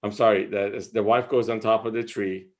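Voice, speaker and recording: A man's voice: lowish voice, steady tone, normal speed. Guy on a video call rambling through a story, lots of ums and restarts. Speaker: discussion leader reading a poem. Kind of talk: casual explanation of a poem on a video call.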